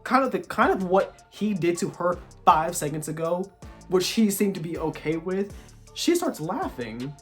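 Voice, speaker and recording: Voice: medium pitch, very animated, unhurried. Exasperated reviewer ranting casually. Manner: exasperated, ranting, heavy use of "like". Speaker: TV show reviewer. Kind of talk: casual recap commentary. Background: faint background music.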